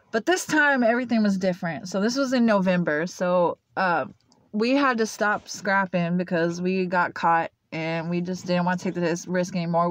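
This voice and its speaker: A young woman telling her own story to camera in a loose, rambling way, full of "like" and "uh". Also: lowish voice. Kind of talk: casual personal storytelling to camera. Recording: dull lo-fi, dry sound.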